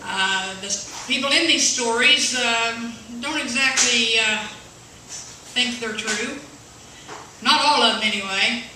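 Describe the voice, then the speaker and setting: A woman's voice: a little high, far from the mic, noisy background. Nervous Appalachian woman doing open-mic stand-up. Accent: West Virginia Appalachian. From West Virginia. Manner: nervous, halting, many uhs. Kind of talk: stand-up comedy. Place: coffee house, open mic. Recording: echoey room, taped from afar.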